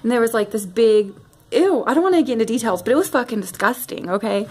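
A young woman vlogging a casual rant to camera at home, animated and giggly with lots of fillers. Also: fairly high pitch, fast talker, husky. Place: home, near bathroom.

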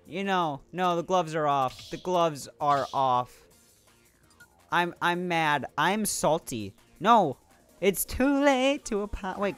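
A young man streams a video game and chats casually with his viewers, playfully salty and laughing often. His voice is on the high side and a bit bright, with faint music in the background.

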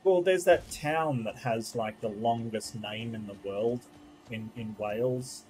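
A man's voice: medium pitch, measured pace, darkish tone, slight background noise, rough recording. Chatty male let's-play streamer. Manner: chatty, rambling, easily distracted. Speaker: gaming streamer. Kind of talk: casual let's-play commentary.

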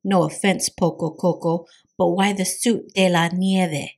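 A woman voicing the biggest male chihuahua of the gang, an easygoing leader who speaks in a slow, savoring way with mock Spanish flourishes. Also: on the low side, steady tone, darkish tone.

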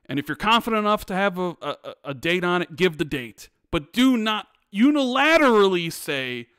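A man with a notably high voice holds forth on a podcast, emphatic and animated, hammering points through repetition. The sound is dry and close, with no room around it. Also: normal speed, clear, resonant tone, no echo. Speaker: podcast co-host. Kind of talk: casual podcast chat.

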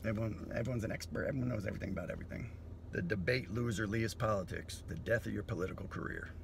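A man's voice: on the low side, rapid-fire, gravelly, a little hiss or hum. A man comedian delivering a profane, philosophical monologue.

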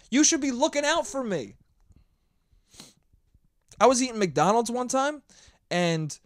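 High-voiced young man ranting profanely. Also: no echo, studio quality. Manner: shouting at times. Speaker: podcast host. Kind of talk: solo podcast monologue. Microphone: handheld mic.

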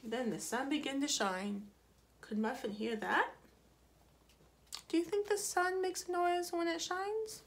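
A woman's voice: high voice, a little slow, pauses often, a little hiss or hum. A woman reading a picture book aloud to children in a playful way. She asks them questions and acts out the sound effects, with small asides and corrections along the way. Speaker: children's story reader.

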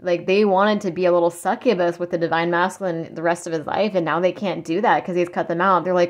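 A woman's voice: on the low side, fairly even intonation, quick pace, few pauses. Rambling blunt woman tarot reader. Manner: rambling, blunt, swears, mocks in quoted voices. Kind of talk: casual spiritual channeling talk.

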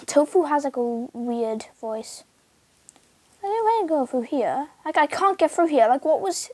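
A woman chatting casually through her gameplay video, excitable and yelping as she plays. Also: sits high, moderate pace, no room sound. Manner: excitable, calls out and yelps while playing. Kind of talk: casual game commentary. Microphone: screen recorder mic.

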